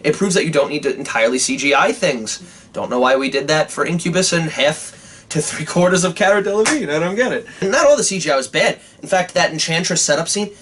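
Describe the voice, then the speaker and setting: A young man giving an animated, casual movie review, swearing often and restarting his sentences. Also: on the high side, brisk, slight background noise.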